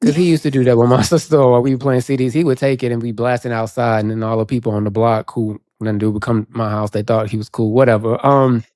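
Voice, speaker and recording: Man, podcast co-host, casual chat, chatty storyteller, mid pitch, dry close sound. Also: quick pace, few pauses, dry recording. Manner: chatty, animated storytelling with quoted asides.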